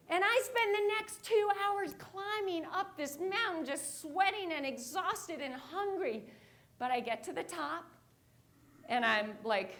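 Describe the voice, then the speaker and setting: Animated high-voiced woman telling a story. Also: a little slow. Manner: animated storyteller acting out her own reactions. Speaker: keynote speaker. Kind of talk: motivational storytelling talk. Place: conference stage.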